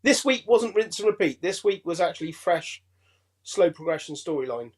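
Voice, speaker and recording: A man with an English accent, a chatty and excitable guest on a fan show. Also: sits high, normal speed. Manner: chatty and excitable, laughs easily. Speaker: guest reviewer. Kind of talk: casual fan chat.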